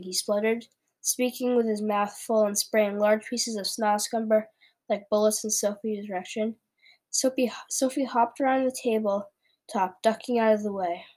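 A woman reading a children's book aloud, moving briskly and now and then stumbling over a word. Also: mid-range voice, fairly even intonation, a little mellow. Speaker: storyteller.

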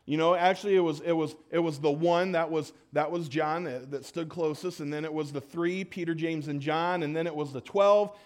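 A man's voice: fairly high pitch, moderate pace, hardly any pauses. A man preaching a casual sermon at a church service, joking with the crowd and restarting his sentences as he goes. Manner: energetic, joking, audience call-and-response; conversational with frequent restarts.

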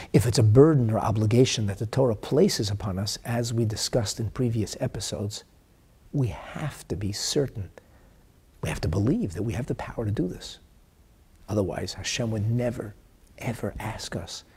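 Husky-voiced man teaching a religious lesson. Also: on the low side, moderate pace. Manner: emphatic, swings from loud declaiming to hushed whispers; asks rhetorical questions. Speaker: Torah teacher.

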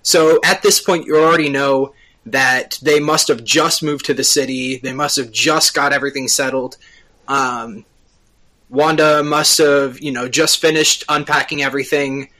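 A man co-hosting a podcast, recapping a TV episode at length in casual chat, often pausing on filler sounds. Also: mid-range voice, fairly even intonation, sharp tone, poor audio. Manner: explains at length with frequent uh fillers. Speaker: podcast co-host.

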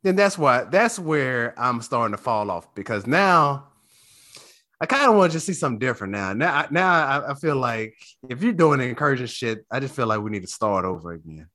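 A man's voice: mid-range voice, big pitch swings, normal speed, sharp tone. A man in casual podcast chat, emphatic and repeating himself for effect.

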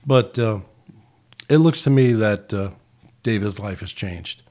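A man's voice: lowish voice, a little slow, a little mellow. A man hosting a podcast, speaking in a reflective, casual way with frequent filler words. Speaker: podcast host.

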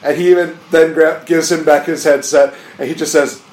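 A man co-hosting a podcast, recapping wrestling in casual chat, animated and laughing as he acts out quotes. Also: on the high side, normal speed, roomy sound, poor audio. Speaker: podcast co-host.

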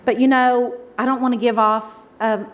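Woman, 50s, pastor's wife, high bright voice, chatty emotional sermon delivery. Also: steady tone, normal speed, slight background noise. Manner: emotional, conversational preaching, swings from loud exclaims to soft asides.

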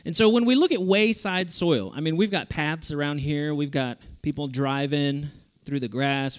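A young man preaching a sermon to a youth group, lively and playful in his delivery. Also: a little high. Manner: lively, playful, switches into goofy voices for stories. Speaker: youth speaker.

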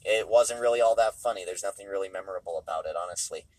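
A man's voice: low-pitched, fast talker, a little mellow, low-quality recording. A tired, hungry man hosting a casual solo podcast, offhand and dismissive, repeating himself, recorded in a car. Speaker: podcast host.

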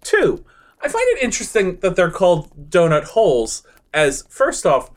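A man's voice: high-pitched, huge pitch swings, moderate pace. A man co-hosting a podcast in casual chat, playful and jokey. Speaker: podcast co-host.

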